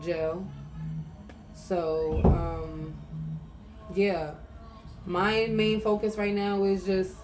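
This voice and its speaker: A woman's voice: fairly low pitch, a little mellow. A young woman hosting her own podcast, talking candidly and emotionally about her life, with lots of "like" fillers and some swearing. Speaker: podcast host. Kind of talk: casual personal monologue.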